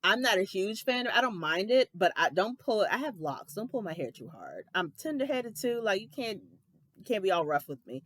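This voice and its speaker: A woman in her thirties hosting a casual reality TV recap, sassy and animated, with dramatic asides and sharp jumps in pitch for emphasis. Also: normal speed, dry recording. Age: 30s.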